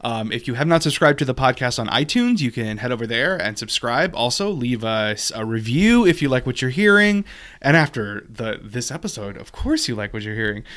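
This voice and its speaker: A man's voice: mid-range voice, expressive, fairly bright tone. Man signing off a podcast. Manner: wry jokes, then brisk sign-off. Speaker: podcast host. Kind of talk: casual chat.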